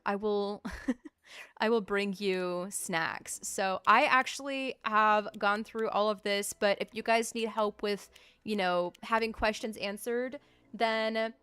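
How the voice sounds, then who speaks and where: A woman's voice: medium pitch, fairly bright tone, smooth, dry recording. A woman chatting casually to her viewers while she plays through a cozy farming game on a live stream. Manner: chatty and upbeat, addressing the chat. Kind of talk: casual live gameplay commentary.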